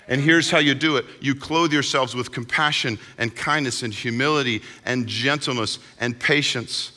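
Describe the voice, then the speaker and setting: Bright-voiced pastor preaching in a big hall. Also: male voice, medium pitch, moderate pace, few pauses. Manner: conversational, animated preaching. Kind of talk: sermon. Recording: long hall reverb.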